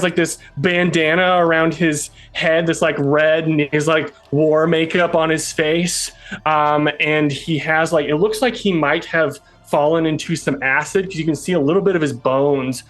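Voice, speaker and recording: Slow, halting man narrating as game master. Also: a little high.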